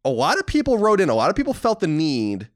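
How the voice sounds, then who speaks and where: This American podcast co-host has a high-pitched voice with huge pitch swings and talks fast. He's reading listener mail on a casual show, playing up mock-indignant jokes.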